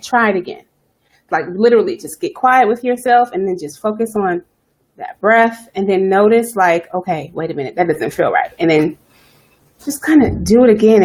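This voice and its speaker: A woman hosting a self-care live stream, talking fast and chatty, greeting viewers by name as she coaches. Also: mid-range voice, darkish tone. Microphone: webcam or phone live stream.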